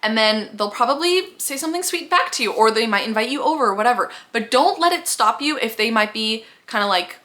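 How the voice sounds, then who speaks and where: A woman's voice: on the high side, expressive, fairly quick, hardly any pauses, pushed and bright. A young woman in her twenties giving friendly advice in a chatty, upbeat vlog, often saying "like". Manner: chatty and upbeat, many "like" fillers. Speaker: vlogger.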